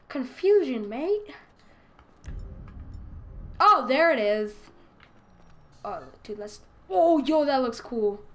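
A young woman giving excitable, crude, giggly let's play commentary as a gaming YouTuber. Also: high voice, unhurried, long pauses.

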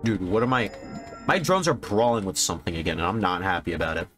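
A man giving casual, profane commentary while streaming a video game, reacting loudly when surprised. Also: low-pitched, fast talker, soft background music. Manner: swearing, animated, jumps to yelps when surprised. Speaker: gaming streamer.

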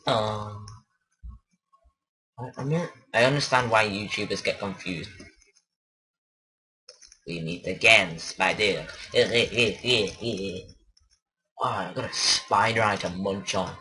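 Slow, rambling man playing a game. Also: fairly low pitch, bright, forceful tone. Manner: rambling, mumbling, unsure of himself. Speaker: let's play host. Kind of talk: rambling gameplay commentary.

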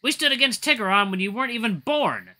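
A man voicing a proud, fierce old female wolf elder, indignant and loud, in a visual novel reading. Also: extremely high pitch, sing-song, fast talker, pitched above the performer's own voice, full character voice. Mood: defiant. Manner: shouting, indignant.

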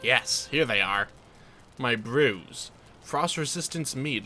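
A gaming channel host tours his game base in let's play commentary, playful and chatty, poking fun at himself. His mid-range voice is animated yet slow, sounding pushed and bright over soft background music.

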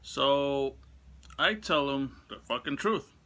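A young man telling a storytime vlog, venting in a heated, profane way with sudden high outbursts. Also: animated, takes it slowly, bright, forceful tone. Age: young adult. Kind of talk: casual storytime rant.

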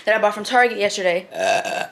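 A woman's voice: mid-range voice, very animated, fairly quick, fairly bright tone. Sassy young woman vlogging from her car. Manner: chatty, sassy, talks back at other drivers. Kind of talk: casual vlog chat. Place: in a car while driving, then at home. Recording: noisy car recording with wind.

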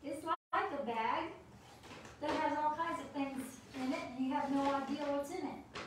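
A woman giving a playful lesson for children with her dogs, animated and full of praise, laughing often. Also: high voice, moderate pace, noisy background. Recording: very echoey room, distant mic.

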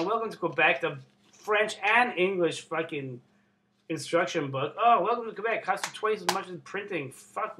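A young man from Canada vlogging casually, excitable and swearing constantly. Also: a little high, slight background noise. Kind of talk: casual unboxing vlog.

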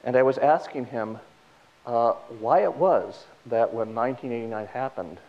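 A man hosting on stage, telling jokes in a halting way with many restarts. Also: mid-range voice. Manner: halting, full of fillers and restarts. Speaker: host. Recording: dull lo-fi stage recording.

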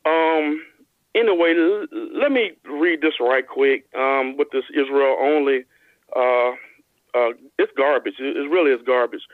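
A man on a call-in radio show, explaining and reading scripture slowly with emphasis, stumbling into frequent restarts. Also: mid-range voice, no room sound. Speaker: guest Bible teacher. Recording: phone line audio.

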